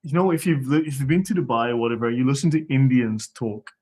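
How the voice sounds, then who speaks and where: A man's voice: medium pitch, fast talker, a little mellow. A man hosting a casual online show, with sarcastic, exasperated asides. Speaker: host.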